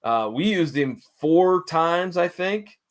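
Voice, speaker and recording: A middle-aged man, a guest in an interview, telling a lively story in casual conversation and acting out the people he quotes. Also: on the high side, slow. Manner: animated storyteller, acts out quoted dialogue. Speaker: interview guest, wrestling manager.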